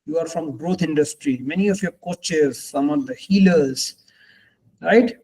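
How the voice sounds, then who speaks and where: A man's voice: a little high, measured pace, a little mellow, breathy edge, low-quality recording. Earnest man coaching a group. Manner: reflective, earnest, repeats phrases for emphasis. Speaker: life coach. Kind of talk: group coaching call talk.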